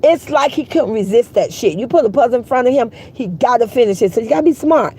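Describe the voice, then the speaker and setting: A woman telling a story in casual, animated vlog style, cursing freely and calling her listeners girl and baby. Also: fairly high pitch, fast talker, slightly rough, low-quality recording.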